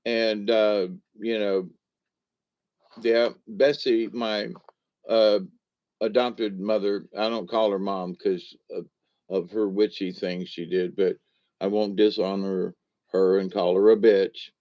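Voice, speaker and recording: Slow, rambling older man. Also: fairly low pitch, flat delivery, a little mellow. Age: 60s. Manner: folksy, meandering, digressive. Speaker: vlogger. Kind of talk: rambling casual monologue. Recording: dull lo-fi recording.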